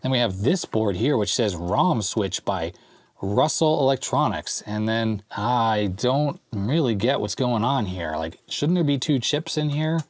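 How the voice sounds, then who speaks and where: Guy on a retro computer repair channel, chill, thinking out loud as he works, dry close sound. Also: mid-range voice, measured pace, no room sound. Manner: thinks aloud while working, relaxed, with small fillers and laughs. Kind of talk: casual hands-on show-and-tell.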